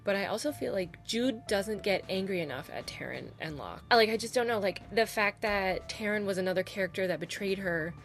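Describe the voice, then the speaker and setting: A woman's voice: medium pitch, animated, brisk, vocal fry, few pauses. A woman casually reviewing a novel on her channel, gushing and chatty, with lots of "like" and "oh my God". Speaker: book reviewer. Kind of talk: casual spoiler-filled book review.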